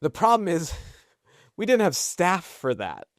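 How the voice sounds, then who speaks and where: A man's voice: high voice, huge pitch swings, unhurried, no echo, studio quality. A man co-hosting a podcast, telling business stories in casual chat and laughing between points. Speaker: podcast co-host.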